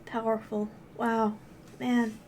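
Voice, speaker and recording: A woman streamer chatting casually on a live stream, gushing and excitable as she reacts and thanks her chat. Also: fairly high pitch, slow, slight background noise.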